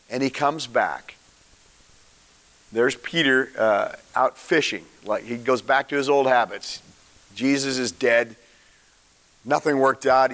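A man preaching a sermon in a casual, animated storytelling way, using slang and acting out the characters. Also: mid-range voice, big-room sound. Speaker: pastor.

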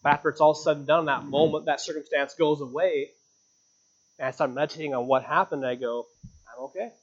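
A man delivers an earnest sermon in a church, his voice sitting a little high for a man. He swings up in pitch and volume to drive home his key points. The recording sounds dull and lo-fi. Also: steady tone, a little fast. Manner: earnest preaching, pitch and volume rising on emphatic lines. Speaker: pastor.

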